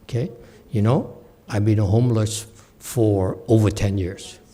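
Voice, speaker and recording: A man doing a soft-spoken homeless man. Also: lowish voice, steady tone, unhurried. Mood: calm. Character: calm homeless man, middle-aged, matter-of-fact.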